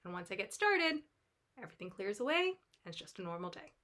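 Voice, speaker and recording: A woman's voice: medium pitch, sing-song, fairly quick, sharp tone. A young adult woman life coach talking casually to camera in a chatty, reassuring way, acting out her own inner voice.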